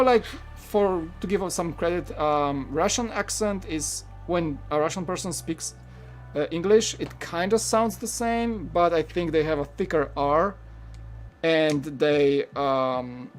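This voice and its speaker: A man's voice: fairly high pitch, a little slow, soft background music. A man from Poland with a Polish accent, chatting casually and rambling while he hosts a live building stream and answers viewers' questions. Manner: rambling, relaxed, many "like" fillers, answering chat questions. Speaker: live-stream host building a toy set.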